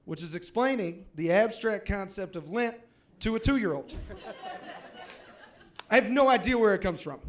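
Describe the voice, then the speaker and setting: A young man from Louisiana performs a stand-up set with a fairly high voice. He tells his story in short, punchy beats with playful comic timing. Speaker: stand-up comedian.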